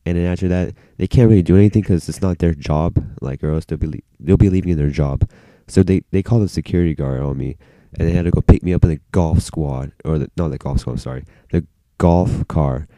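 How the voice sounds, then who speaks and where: A man's voice: rumbling low, a little fast, mellow, no room sound. A male vlogger telling a story in a casual, rambling way, full of "like" and freely dropped swear words.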